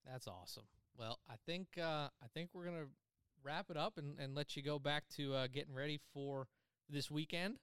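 A man's voice: on the high side, moderate pace, clear, resonant tone, dry recording. A man hosting a podcast, chatting casually and laughing easily. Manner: relaxed, chatty, frequent restarts and laughs. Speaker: podcast host. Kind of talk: casual chat.

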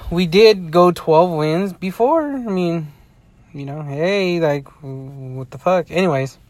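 A man's voice: fairly high pitch, slow pace, a little mellow, no room sound. A tired man in a casual vlog rant, rambling with heavy swearing and frequent restarts. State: tired, yawning. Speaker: sports fan vlogger.

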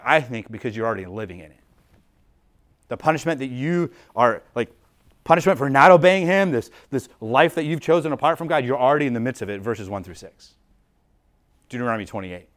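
A man's voice: medium pitch, fairly bright tone. A man preaching a sermon as a pastor in an informal, explanatory way, often restarting phrases and leaning on "like" as he works through the text. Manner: casual and explanatory, frequent "like" and restarts. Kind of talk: conversational sermon.

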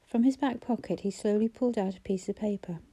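A woman narrating a novel in a measured, even storytelling manner. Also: medium pitch, husky. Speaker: audiobook narrator.

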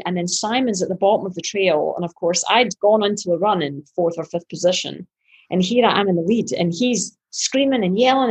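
A woman's voice: medium pitch, moderate pace, husky. A woman triathlete guest telling a story in an interview, acting out her own past thoughts with animation.

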